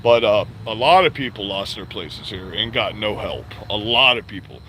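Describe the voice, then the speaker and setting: A man's voice: lowish voice, normal speed, sharp tone, slight background noise. A middle-aged man from Florida, ranting bluntly and profanely in a casual vlog. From Florida, USA. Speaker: vlogger. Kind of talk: casual rant to camera.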